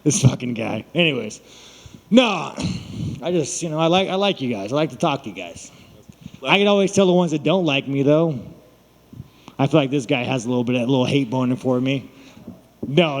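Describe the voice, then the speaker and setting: A fighter at a media day talks to reporters in a medium-pitched voice at a slightly quick pace, blunt and mocking, swearing constantly. His boastful, profane scrum talk echoes with long hall reverb across the large event room.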